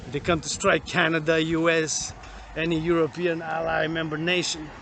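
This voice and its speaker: A man's voice: fairly high pitch, little pitch movement, normal speed, vocal fry, noisy background. A man in his thirties, a fitness vlogger, talking in a rambling, profane monologue that jumps from topic to topic.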